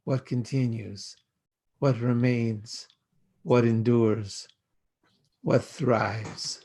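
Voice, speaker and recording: An older American rabbi speaks in an unhurried, poetic cadence, lingering on single words and letting them settle. His voice has a gravelly, creaky texture at a middle pitch, and he delivers a reflective sermon. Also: fairly even intonation, warm tone. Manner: slow, measured, poetic phrasing.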